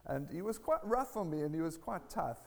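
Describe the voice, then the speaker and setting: A man preaching a sermon, telling a personal testimony in an earnest, animated way. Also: a little high, a little fast, creaky, long reverb tail.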